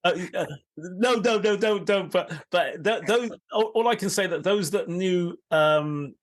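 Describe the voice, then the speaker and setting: A man's voice: high-pitched, unhurried. A man hosting a casual interview, encouraging his guest with short agreements. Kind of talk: casual chat.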